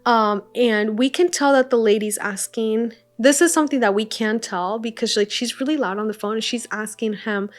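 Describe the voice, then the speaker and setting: A young woman vlogger chatting through a travel story with lots of fillers and animated retellings. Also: a little high, normal speed, hardly any pauses. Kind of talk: casual storytime. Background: soft lo-fi music.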